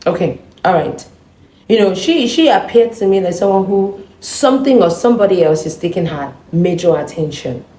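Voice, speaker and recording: A woman vlogger telling a personal story in an animated, indignant way, acting out the dialogue. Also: mid-range voice, a little fast, few pauses. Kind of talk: storytime monologue. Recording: echoey room.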